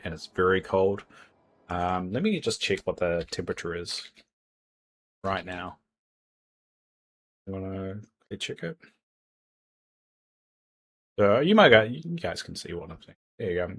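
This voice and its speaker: Low-voiced rambling New man. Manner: rambling, chatty, stumbles and repeats words. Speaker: streamer. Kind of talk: casual livestream chat. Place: home, indoors.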